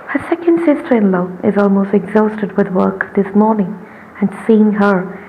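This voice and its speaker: A woman narrating a short story in a measured, deliberate way. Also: mid-range voice, narrow, tinny audio, slight background noise.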